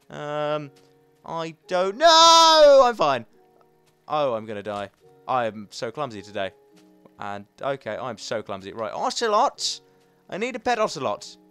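A man's voice: medium pitch, expressive, moderate pace, a bit bright, smooth, faint music behind. A young man giving chatty, self-mocking commentary while playing a game, talking to himself as he goes. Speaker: gaming channel host. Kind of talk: casual let's play commentary.

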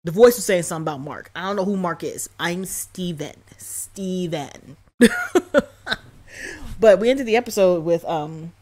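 A young woman talks through a TV episode in a loose, animated reaction style, full of slang and quick laughs. Her voice sits a little low for a woman. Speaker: YouTube reaction host. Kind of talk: casual reaction commentary.

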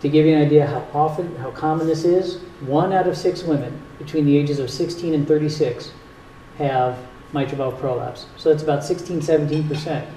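Brief: male doctor with a Northern US accent, mellow tone, plain and patient, recorded from a distance in a roomy hall. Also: on the high side, fairly quick. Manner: plain, patient explaining with dry jokes. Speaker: cardiologist giving a talk. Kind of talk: explanatory health talk with audience Q&A. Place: community hall at a retirement home. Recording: echoey hall, distant mic, faint hiss.

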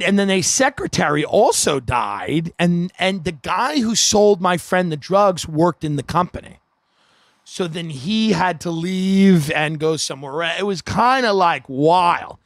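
Casting: comedian host, higher man's voice, dry close sound, rambling storyteller. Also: takes it slowly, no echo. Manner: rambling, animated anecdote telling.

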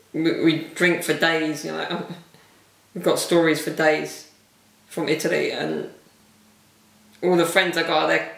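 Candid man, creaky echoey voice. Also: fairly high pitch, fairly bright tone, recorded from a distance. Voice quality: voice wearing thin. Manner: rambling, candid, laughs often. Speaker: vlogger and podcast host. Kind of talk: casual solo podcast monologue. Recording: echoey room, mic set back.

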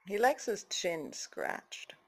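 Woman pet owner, slow sing-song baby talk with cooing and whispers, high and swooping voice. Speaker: pet owner talking to her bird.

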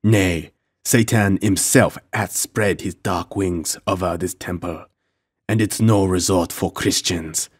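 A man's voice: low voice, fairly even intonation, takes it slowly, husky, no room sound, clean studio sound, heavily acted. A man voicing a moody, superstitious French pirate in an audiobook, speaking gloomily.

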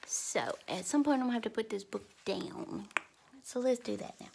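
A woman, talking in a soft half-whisper at home as she shows her craft work. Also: a little high, moderate pace, creaky, slight background noise. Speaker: craft vlogger. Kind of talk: crafting show-and-tell. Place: home, early morning.

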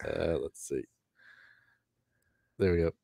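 Low-voiced rambling man. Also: slow, vocal fry, background noise. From England, East Midlands. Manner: rambling, laid-back, with many fillers. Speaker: co-host. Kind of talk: casual chat.

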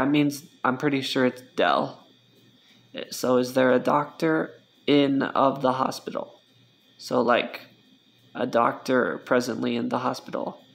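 This gravelly, medium-pitched man is a Spanish tutor running a casual lesson. His pace is slow, he repeats words as a drill, and he keeps breaking off to fix his own mistakes.

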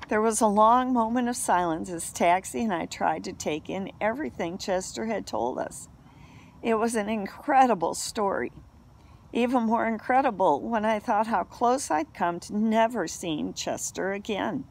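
A woman reading a children's novel aloud in a steady, unhurried way. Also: mid-range voice, gravelly, slight background noise. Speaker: reader.

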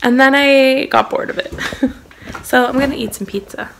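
A young woman rambles through a casual home vlog, tired and filling her pauses with ums and likes. Her voice has a gravelly fry at the ends of phrases. Faint background noise from the house sits under her voice. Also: high-pitched, fairly even intonation. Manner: rambling, many fillers, trails off. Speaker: vlogger.

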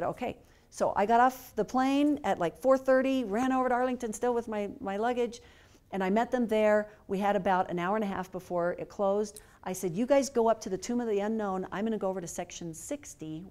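A middle-aged woman speaker telling a personal story to a lecture audience, earnest, with many fillers, dropping to a hush at moving parts. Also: mid-range voice. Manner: earnest, hushed when moved, many fillers. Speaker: guest speaker. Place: lecture hall.

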